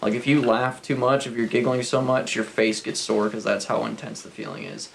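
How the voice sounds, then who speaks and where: A young man with a mid-range voice tells an animated, profane story on a casual podcast. Faint ambient noise can be heard in the background. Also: mid-range voice, brisk, gravelly, rough recording. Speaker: podcast co-host.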